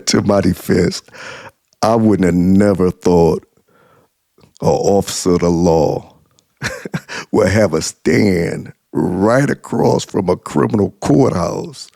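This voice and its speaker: Gravelly low-voiced man telling a story. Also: a little mellow, dry recording, studio quality. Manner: chuckles through his words, repeats for emphasis. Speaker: vlogger. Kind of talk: storytelling to the camera.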